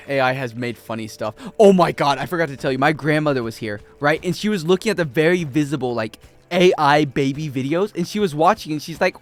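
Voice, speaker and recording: Lively young man streaming a game. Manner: rambling, joking, animated swings in pitch. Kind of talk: casual gameplay chat with chat.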